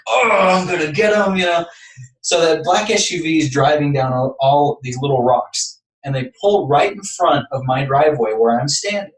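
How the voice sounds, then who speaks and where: A man's voice: fairly high pitch, far from the mic. Man telling a story in an echoey room. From Texas. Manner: earnest, building up anecdotes step by step. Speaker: podcast guest. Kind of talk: personal storytelling.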